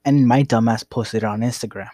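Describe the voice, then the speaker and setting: A man's voice: mid-range voice, fairly even intonation, fairly quick, warm tone, dry recording. A young man casually telling a rambling, profane story about his past. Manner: rambling, profane, laid-back.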